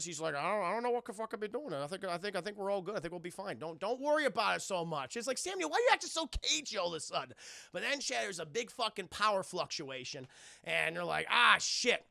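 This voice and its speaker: Young man, gravelly, very bright, high-pitched, animated streamer recap, dry close mic. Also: fast, no echo. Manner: profane, excitable, acts out characters' lines. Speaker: streamer reviewing a film. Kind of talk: animated casual recap to live chat. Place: home streaming setup.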